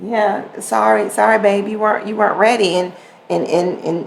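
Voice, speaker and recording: Podcast lady with a gravelly voice, chatty storytelling, repeats herself, acts out the back and forth. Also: mid-range voice, moderate pace, poor audio. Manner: animated, repeats words, acts out quoted exchanges. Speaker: podcast host. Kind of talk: casual storytelling monologue.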